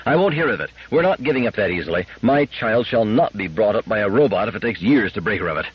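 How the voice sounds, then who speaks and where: A man's voice: on the low side, big pitch swings, fast talker, crowd noise. A man voicing a stern, stubborn mother who speaks firmly and grimly. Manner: firm, clipped and grim. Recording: dull lo-fi sound.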